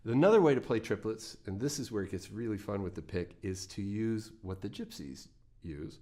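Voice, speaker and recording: A man's voice: fairly low pitch, lively intonation, moderate pace, mellow. A man teaching a guitar lesson, talking through picking exercises in a plain, encouraging way with the odd folksy quip. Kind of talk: instructional lesson.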